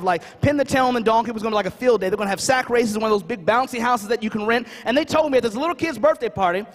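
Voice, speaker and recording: A man giving a comedic storytelling keynote at a conference, animated and always checking in with the crowd. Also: high voice. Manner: animated, asks the crowd questions, fond of "right?". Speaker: conference speaker. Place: conference hall stage. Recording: reverberant conference hall.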